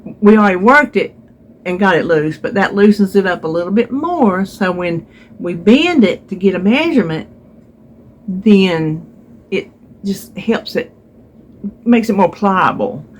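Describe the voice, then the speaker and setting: A woman's voice: mid-range voice, animated, a little slow, long pauses, a little hiss or hum. A woman chatting to her viewers, retelling a therapy visit with voiced quotes, recorded at home on a phone. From North Carolina. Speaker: vlogger. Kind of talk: casual storytelling to viewers.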